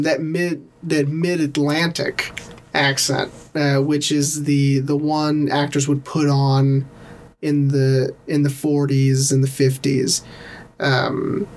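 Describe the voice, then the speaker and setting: A man with a slightly higher voice talks about movies in a loose, easygoing way. He wanders through his points, full of ums and restarts. Faint hiss sits under the recording. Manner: rambling, many fillers and restarts. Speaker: podcast co-host. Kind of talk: casual movie chat.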